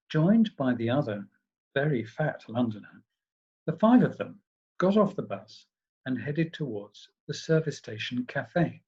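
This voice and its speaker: A man, a professor, reading a humorous story aloud in a measured, expressive way. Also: medium pitch, husky, dull audio.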